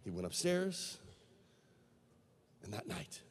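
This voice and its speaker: A man's voice: medium pitch, big pitch swings, takes it slowly, heavy background noise. A man preaching a sermon, telling a parable with a dramatic delivery and putting questions to the crowd. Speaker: evangelist. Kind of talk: storytelling sermon. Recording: long hall reverb.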